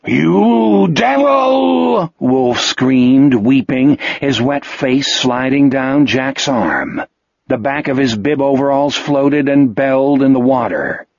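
A man reading an audiobook in steady scripted narration. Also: medium pitch, takes it slowly, no room sound, dull audio.

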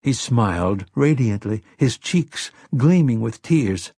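A man reading an audiobook as narrator, measured and unhurried. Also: mid-range voice, animated, warm tone, husky, no echo, studio quality. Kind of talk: scripted narration.

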